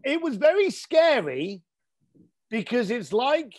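Here the East London guest, a middle-aged man who is an entrepreneur and author, talks slowly in a very high voice with big swings in pitch. He tells stories bluntly and emphatically in a casual interview.

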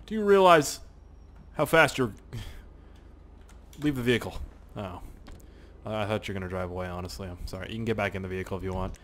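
A young man giving casual, excitable gameplay commentary, swearing and laughing as he plays. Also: on the low side, fairly quick, pauses often, slight background noise. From Canada. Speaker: gaming YouTuber.

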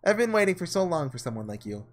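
Muffled witch lady, a guy doing the voice, soft and coaxing, voice slides up and down a lot. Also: on the high side, big pitch swings, quick pace. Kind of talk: reading a visual novel aloud.

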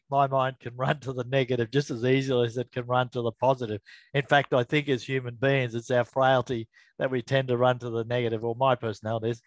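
A middle-aged man giving an informal Bible devotional to camera, earnest and chatty, often stopping to correct himself and slowing down to read verses. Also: mid-range voice, dry recording. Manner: earnest, chatty, self-interrupting, reads scripture slowly. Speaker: Bible teacher.

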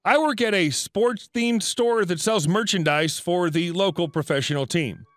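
Narrator: a man with a high voice, even scripted read, dry close sound, faint music underneath. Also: normal speed, no room sound.

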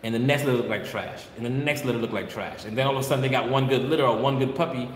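Speaking rapid-fire at a medium pitch, a man who breeds dogs gives a casual, blunt vlog talk, repeating his points and scolding viewers. The kennel setting is echoey and noisy, with dogs barking behind him.

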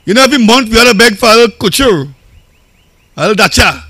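A Trinidadian man addresses a campaign rally as a local council chairman. His voice is high and bright, recorded dry and close. He talks in a loose, storytelling way and repeats phrases for effect. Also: lively intonation, fast, no room sound.

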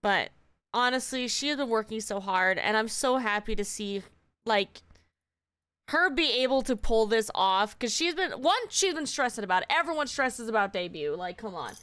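A woman's voice: fairly high pitch, expressive, normal speed, a bit bright, clean tone. A woman live-streaming, chatting casually, giddy and swearing a lot, repeating herself over and over.

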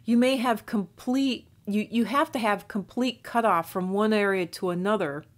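A woman's voice: mid-range voice, moderate pace. A woman from northern Minnesota, with a faint Minnesotan accent worn down to a neutral American sound, talking in a digressive, rambling monologue full of restarts. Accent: faint Minnesotan, mostly neutral American. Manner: digressive, many restarts and fillers. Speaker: YouTube channel host.

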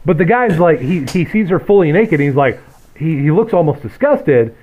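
A man with a fairly high voice that swoops a lot as he talks movies on a podcast. He drops wry, sardonic asides in a casual back-and-forth. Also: sing-song, moderate pace, darkish tone, lo-fi sound. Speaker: podcast co-host. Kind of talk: casual film recap chat.

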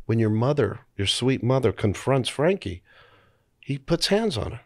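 A man's voice: mid-range voice, big pitch swings, moderate pace, no room sound, studio quality. A man hosting an interview, retelling the guest's stories back to him. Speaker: interviewer host.

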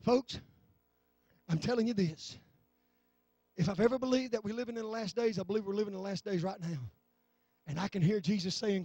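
Fervent high-voiced pastor. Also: male voice, fairly quick, pauses often, no room sound. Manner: fervent, swings from low talk to shouting. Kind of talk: sermon. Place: church sanctuary.

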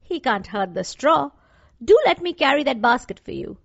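A woman voicing a gentle, friendly male scarecrow who speaks slowly and earnestly in a storybook reading. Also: high-pitched, very animated, vocal fry, breathy edge, no echo, heavily acted. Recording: dull dry lo-fi recording.

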